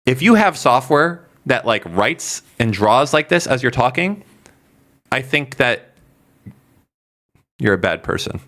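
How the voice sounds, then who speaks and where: A man's voice: mid-range voice, very animated, unhurried, long pauses, a bit bright. A man co-hosting a podcast, chatting in a rambling, sarcastic, jokey way. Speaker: podcast co-host. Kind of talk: casual podcast chat.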